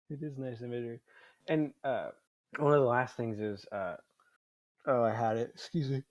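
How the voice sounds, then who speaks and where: A man's voice: mid-range voice, normal speed, dry recording. A man in his twenties hosting a casual podcast chat, rambling, swearing often and laughing a lot. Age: 20s. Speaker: podcast host.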